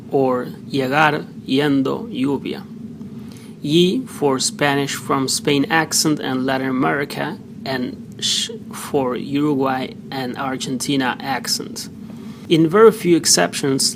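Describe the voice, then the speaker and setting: A man teaching pronunciation, slowly sounding out example words one at a time. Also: on the high side. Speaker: language teacher. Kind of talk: slow pronunciation lesson. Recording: noisy background hiss.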